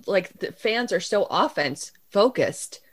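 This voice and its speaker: A woman's voice: mid-range voice, expressive, slow, breathy edge. A woman co-hosting a casual sports podcast, chatty, groaning often and restarting her sentences. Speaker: podcast co-host.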